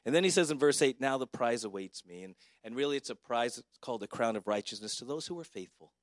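A man's voice: mid-range voice, expressive, quick pace, no echo, clean studio sound. Man giving a conversational memorial eulogy. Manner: conversational, warmly personal, with filler words. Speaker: pastor.

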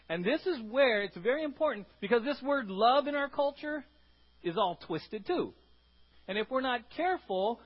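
A man preaching a sermon in a lively, conversational way, often checking in with the congregation. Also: sits high, muffled recording. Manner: animated, conversational, repeats words and asks the congregation "right?". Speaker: pastor.

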